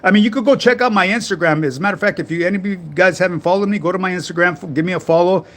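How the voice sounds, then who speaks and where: A man's voice: high voice, racing, a bit bright. A middle-aged man, hosting a casual fitness livestream, reading viewer comments in a laid-back manner full of street slang. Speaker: fitness coach livestream host.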